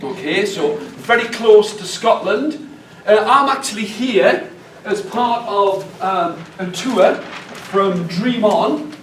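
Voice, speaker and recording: A man's voice: sits high, expressive, takes it slowly, a bit bright, distant mic, slight background noise. A man with a northeast English accent leads a storytelling workshop, chatty and jokey, engaging the room. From northeast England. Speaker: storyteller leading a teacher workshop. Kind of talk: lively workshop talk to an audience. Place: large hall with an audience. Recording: echoey hall, mic from afar.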